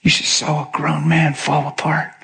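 A man's voice: a little high, moderate pace, vocal fry. A middle-aged male pastor preaching in storytelling style, acting out the voices of people he quotes. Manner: animated, acts out quoted voices. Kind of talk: sermon storytelling.

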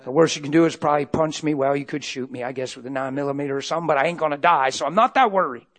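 Brief: middle-aged male pastor, lively storyteller, fairly high voice, shifts from booming to hushed. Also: racing. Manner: animated, acts out dialogue, swings from loud to hushed. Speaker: preacher. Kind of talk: sermon storytelling.

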